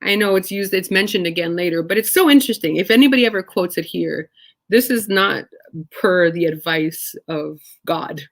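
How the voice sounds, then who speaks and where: A woman teaching scripture in a casual, animated way, reading verses and acting out the speakers with conversational asides. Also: lowish voice, moderate pace. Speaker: Bible study teacher.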